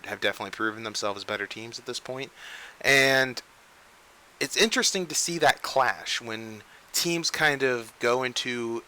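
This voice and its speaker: Rambling through an unscripted game news show, a young man keeps restarting and correcting what he says. His voice is mid-range, bright, and pushed, captured in a rough recording.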